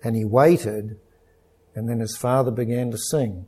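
A middle-aged pastor preaching an earnest, measured sermon with stories. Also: male voice, medium pitch, fairly even intonation, mellow, husky.

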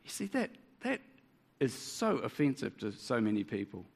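A man's voice: mid-range voice, sing-song, moderate pace, gravelly. A man with a New Zealand accent preaching a sermon, earnest and full of rhetorical tag questions.

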